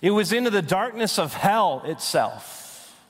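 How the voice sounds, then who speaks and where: A young man delivers a sermon with a slightly high voice, rising into loud declarations and then dropping to slow, hushed intensity. His voice rings out with a long reverb, as in a large hall. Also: expressive. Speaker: pastor.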